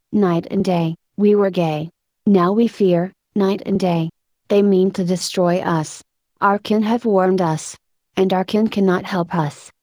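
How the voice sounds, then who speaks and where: A woman's voice: mid-range voice, mellow, dry recording, studio quality, lightly acted. A woman reading as a pleading woodland enchantress. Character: sorrowful seductive woodland woman, fearful, pleading.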